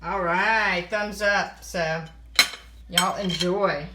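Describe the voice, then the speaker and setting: A woman's voice: fairly low pitch, steady tone, extremely slow, background noise. A woman casually talking through the family meals she cooked for a home vlog, easygoing and full of little fillers. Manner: chatty, easygoing, lots of fillers. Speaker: family vlogger. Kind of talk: casual cooking vlog chat. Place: home, partly outdoors.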